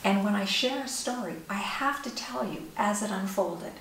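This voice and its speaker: A middle-aged woman, an author, telling a personal story in an earnest, measured way with pauses. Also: medium pitch, lively intonation, fairly bright tone. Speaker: author and speaker. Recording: echoey room, distant mic, faint hiss.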